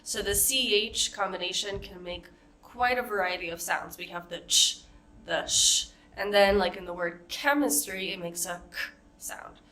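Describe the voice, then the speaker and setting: A woman with an American accent teaching a pronunciation lesson, modeling example words slowly and carefully. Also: medium pitch, bright, forceful tone. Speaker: accent coach.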